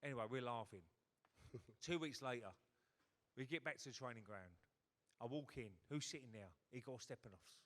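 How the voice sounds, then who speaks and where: Middle-aged bloke telling a sweary comic story on stage, bright voice, big hall echo. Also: male voice, medium pitch. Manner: swearing, quick punchlines, acts out voices. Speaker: guest storyteller. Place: hotel ballroom stage. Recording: hall reverb at a live event.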